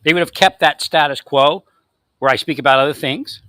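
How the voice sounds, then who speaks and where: A man's voice: on the high side, a little fast, fairly bright tone, smooth, no echo, clean studio sound. A man delivering a confrontational monologue, angrily ranting at unseen opponents. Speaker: vlogger.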